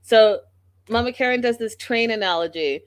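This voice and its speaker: A woman's voice: on the high side, normal speed, clean tone, no room sound. A woman hosting a reality TV recap show, talking casually and acting out what the cast said. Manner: animated, acts out quotes of the cast.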